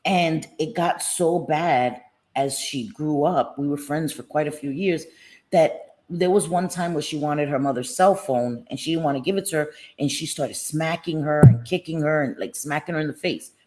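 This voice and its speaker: A woman's voice: deep voice, normal speed. A middle-aged woman, telling stories bluntly and with profanity on a casual live stream chat. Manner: blunt, animated storytelling with profanity.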